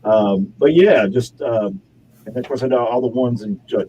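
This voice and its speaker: A man's voice: medium pitch, moderate pace, mellow, slight background noise, rough recording. A man, an actor and model, chatting as an interview guest in his home studio, rambling through stories with frequent laughs. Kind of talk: casual interview chat.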